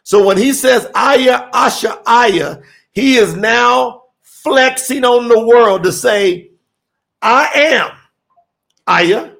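High gravelly man teaching scripture. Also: slow pace, a bit bright. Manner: emphatic, preacherly, dramatic quoting. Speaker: teacher and telethon host.

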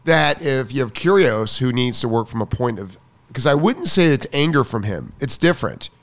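A man's voice: medium pitch, expressive, normal speed. A man co-hosting a casual chat about tennis coaching, enthusiastic and emphatic, often repeating himself for stress.

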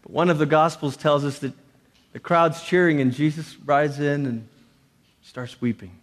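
A man preaching, his fairly high voice trailing a long reverb through the hall. He delivers his sermon with animation, slipping in jokey asides and putting on voices for quoted lines. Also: fairly even intonation, unhurried.

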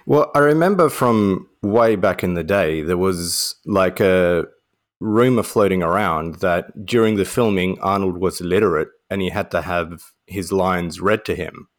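A man co-hosting a casual film podcast, telling anecdotes in a relaxed way. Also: low-pitched, unhurried. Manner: relaxed storytelling, uses "mate". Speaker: podcast co-host.

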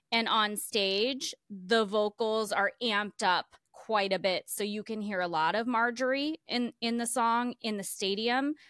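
Female co-host, bright and lively, laughs a lot, dry studio sound. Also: mid-range voice, dry recording. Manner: animated storytelling, laughs often. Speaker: podcast co-host. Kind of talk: casual chat.

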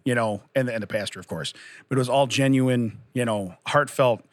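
A man's voice: mid-range voice, fairly quick, dry recording. A man in his forties telling long, rambling stories and laughing often as a podcast host in casual chat.

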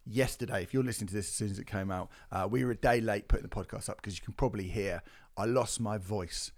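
A middle-aged man with a croaky, hoarse voice co-hosting a music podcast, joking and teasing in casual banter. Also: lowish voice, fast talker, a little mellow. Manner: jokey, self-mocking banter with laughs. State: hoarse, recovering from lost voice. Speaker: podcast co-host. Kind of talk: casual chat.

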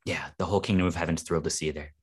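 Deep, husky-voiced male host. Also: fairly even intonation, rapid-fire. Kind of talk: casual chat.

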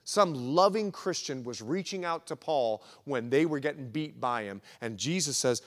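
A man's voice: mid-range voice, expressive, normal speed, few pauses. A man preaching a sermon as pastor, emphatic and repetitive, swelling and dropping in intensity. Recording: echoey hall recording.

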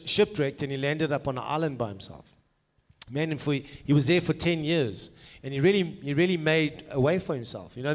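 A man preaching in a conversational way and telling an anecdote as an animated storyteller, in a church meeting room. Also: fairly high pitch. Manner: animated storyteller, laughs at own jokes. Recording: long reverb from a hall.

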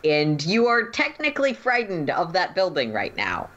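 A woman running a tabletop game as game master, narrating scenes in an unhurried way with fillers. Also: on the low side, huge pitch swings, a bit bright. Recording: dull lo-fi audio.

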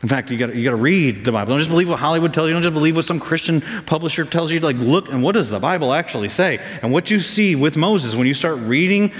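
A man preaching a sermon as pastor, casual and animated, acting out the people he quotes in raised voices. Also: a little high, fast, hardly any pauses, in a large hall.

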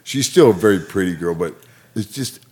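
Male podcast co-host, low voice, loose laughing storyteller. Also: lively intonation, a little fast, darkish tone. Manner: rambling, laughing storyteller who acts out quotes. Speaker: podcast co-host, former wrestler. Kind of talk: casual storytelling chat.

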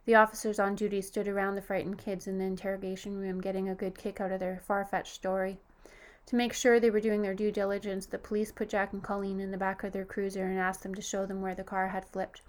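A woman narrates a horror story in a steady, scripted reading. Her voice sits at a middle pitch and stays flat, with little rise and fall. She lifts it only a little when she quotes a character. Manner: even, steady storytelling with lifted quoted lines.

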